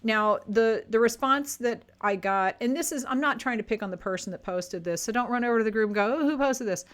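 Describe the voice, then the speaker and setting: A woman's voice: fairly high pitch, fairly quick, a bit bright. A woman giving plainspoken, chatty advice to online sellers, talking casually to camera and often correcting herself mid-sentence. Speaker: online selling coach.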